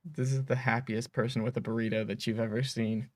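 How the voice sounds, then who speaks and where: A man hosting a game studio's livestream, telling stories in a rambling, animated way on a close mic. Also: medium pitch, fairly quick, no echo. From United States. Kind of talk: casual livestream chat.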